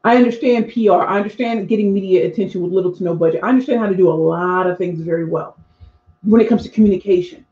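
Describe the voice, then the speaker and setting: A woman's voice: medium pitch, fast talker, mellow. A woman in her forties, a speaking coach, chatting live with her viewers and talking straight to them. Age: 40s. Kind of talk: live stream chat reading viewer comments. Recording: echoey room, dull lo-fi sound.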